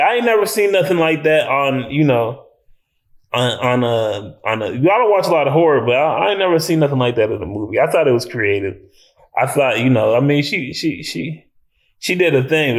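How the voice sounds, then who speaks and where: A man giving a casual, rambling movie review, swearing freely and laughing often. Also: medium pitch. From United States. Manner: slangy, loose and rambling. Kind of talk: casual film review vlog.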